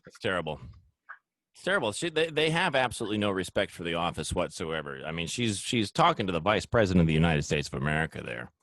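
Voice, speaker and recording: Animated, ranting male talk host. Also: deep voice, fast talker, few pauses, dry recording. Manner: heated, ranting, addresses audience directly. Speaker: show host. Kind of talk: opinionated political talk show. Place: studio.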